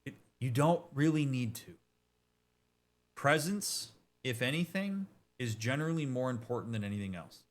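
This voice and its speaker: A man's voice: mid-range voice, expressive. Emphatic, direct man explaining grief. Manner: emphatic, direct, with quick asides and restarts. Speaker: therapist reacting to a game. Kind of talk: casual explanatory commentary.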